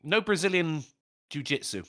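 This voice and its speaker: A man's voice: fairly high pitch, normal speed. A man hosting a podcast, joking and swearing freely in casual banter while reading out donations. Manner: animated, jokey, swears freely.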